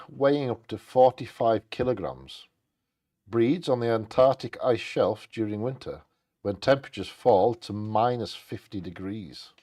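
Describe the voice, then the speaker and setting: A man co-hosting a live bingo stream, chatting casually and reading out bird facts with quick jokey asides. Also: on the low side, darkish tone. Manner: jokey, quick asides between read passages.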